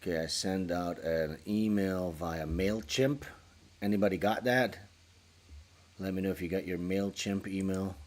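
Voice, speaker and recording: A man with a fairly low voice chats on his own livestream in a loose, rambling way. He jokes crudely and now and then jumps into loud bursts. He talks close into a small studio microphone. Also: steady tone, a little slow. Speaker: livestream host. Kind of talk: casual livestream chat.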